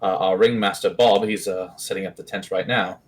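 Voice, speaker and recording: A man's voice: deep voice, fairly even intonation, moderate pace, pitched below the performer's own voice, close to an everyday voice. A man putting on a prim, polite circus man.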